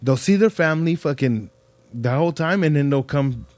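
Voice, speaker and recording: A man's voice: a little high, lively intonation, moderate pace, darkish tone, no echo. A man hosting a podcast in casual chat, a slangy, profane storyteller who acts out the people he quotes. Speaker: podcast host.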